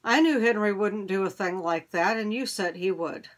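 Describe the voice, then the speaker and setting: A woman voicing an earnest, fair-minded young schoolboy in a storybook reading, with a higher voice. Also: normal speed, natural voice.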